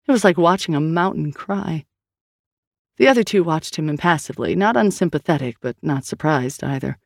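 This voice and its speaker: Audiobook narrator, woman, steady even read; dry close mic. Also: sits low, moderate pace, gravelly, dry recording. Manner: steady storytelling reading. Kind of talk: scripted narration.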